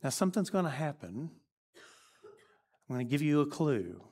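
A man voicing a tender male teacher who speaks softly and reassuringly. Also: on the high side, sing-song, moderate pace, slightly rough, heavily acted. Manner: soft, gentle, reassuring. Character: gentle, tender male teacher comforting followers.

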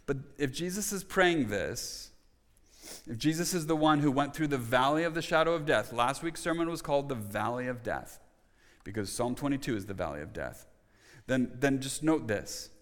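A man's voice: medium pitch, animated, moderate pace, long reverb tail. A man preaching a sermon as a pastor, asking his congregation rhetorical questions and restarting his phrases as he stresses his points.

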